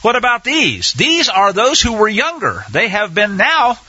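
Emphatic, bright-voiced male Bible teacher. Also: high-pitched, huge pitch swings, measured pace, husky, no room sound. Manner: emphatic, rhetorical questions, repeats phrases for effect. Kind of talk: sermon-style Bible teaching. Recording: dull, dry lo-fi sound.

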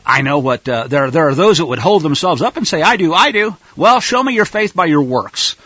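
A man preaching in an animated, rhetorical style, addressing listeners as folks, on a dull lo-fi recording. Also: on the high side, a little fast, slightly rough, no echo. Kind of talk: sermon-style Bible teaching.

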